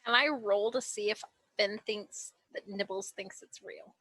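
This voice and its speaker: A woman's voice: mid-range voice, fairly even intonation, a little slow, pushed and bright, dry recording, poor audio. A woman playing a tabletop game, chatting and narrating her character in a casual, musing way.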